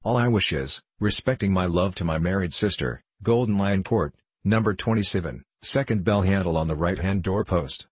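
A man's voice: low voice, moderate pace, hardly any pauses, husky, dry recording. A man voicing a spiteful, prim young maidservant who speaks viciously and affects faintness.

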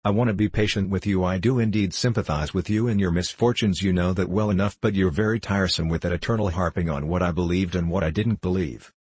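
A man reading the lines of a tired, practical middle-aged widow who runs a small shop, speaking in his own low, husky voice with only a light change for her. She sounds worn out and impatient. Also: quick pace, hardly any pauses, a little mellow, no room sound. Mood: weary.

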